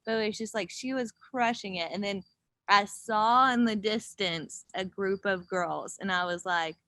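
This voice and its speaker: A woman's voice: mid-range voice, unhurried, dry recording. A young woman, a pro cyclist, telling race stories in a casual chat, acting out quotes and swearing freely. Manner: animated storyteller, acts out quotes, swears freely. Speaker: pro gravel cyclist guest.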